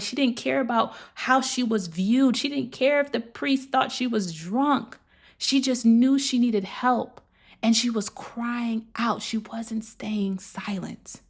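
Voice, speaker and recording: A woman's voice: mid-range voice, a little mellow. A woman giving an earnest, emotional testimony sermon, often dropping to a near whisper. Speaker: speaker giving a devotional message.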